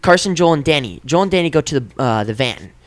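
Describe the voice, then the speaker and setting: A man's voice: fairly high pitch, lively intonation, quick pace, no echo. A young man telling a story in casual chat, acting out the voices and sound effects as he goes. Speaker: podcast host.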